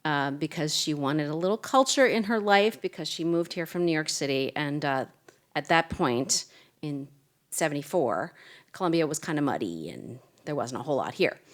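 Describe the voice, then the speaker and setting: A woman's voice: sits low, animated, moderate pace. A woman who used to write for a newspaper gives casual, anecdotal remarks to a seated audience at a literary reading, speaking into a microphone. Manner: chatty, anecdotal, self-deprecating humor. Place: event room with a seated audience.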